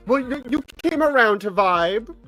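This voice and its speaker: A man's voice: very high-pitched, lively intonation, unhurried, fairly bright tone, soft background music. A man co-hosting a podcast in casual chat, enthusiastic and emphatic. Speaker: podcast co-host.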